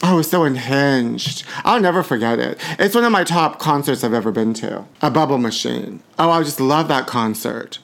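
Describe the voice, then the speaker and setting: A man's voice: medium pitch, animated, normal speed, creaky, few pauses, a bit bright. Sassy campy man gossiping. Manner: flamboyant, sassy, calls listeners honey. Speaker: podcast host. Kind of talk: campy celebrity gossip monologue.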